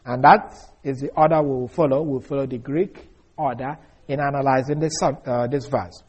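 A man giving a deliberate verse-by-verse Bible lesson, explaining carefully with frequent fillers and restarts. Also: medium pitch, steady tone, darkish tone, slightly rough. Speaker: Bible teacher.

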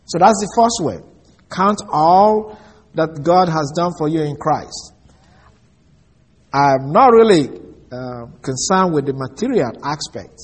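A man delivers a sermon in a calm, teaching tone, drawing out important phrases slowly. His voice sits a little high for a man and has a husky edge. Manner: measured teaching, slows to stress key phrases. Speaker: preacher.

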